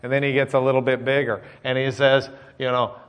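A man delivering a sermon in a relaxed, folksy manner. He tells a joke and then shifts between rising emphasis and hushed, close reflection. His voice sits in a middle pitch. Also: a little fast, clean tone. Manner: folksy, tells jokes, swings from loud emphasis to quiet. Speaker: preacher.

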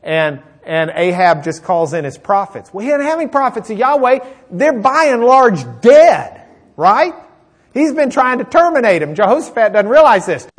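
A man's voice: high-pitched, normal speed. A man preaching a conversational sermon, retelling a Bible story and acting out its characters. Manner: animated storyteller, acts out characters; conversational with fillers.

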